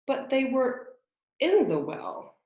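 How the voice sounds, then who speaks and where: Brief: woman doing a curious, polite little girl, lifted pitch, roomy echo. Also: sing-song, slow pace, highs cut off, full character voice. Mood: earnest. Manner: earnest, sometimes offended. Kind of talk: storybook reading.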